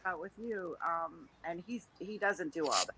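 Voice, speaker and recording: A woman's voice: lowish voice, lively intonation, moderate pace, crowd noise, poor audio. A woman co-hosting a casual livestream, laid-back and unsure of herself, often trailing off. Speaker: co-host.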